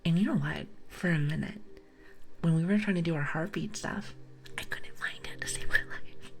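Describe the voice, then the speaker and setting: A young woman streaming ASMR, chatting and giggling with her viewers in a soft, often whispered voice on a close mic. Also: low voice, moderate pace, creaky, husky. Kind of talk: whispered ASMR livestream chat.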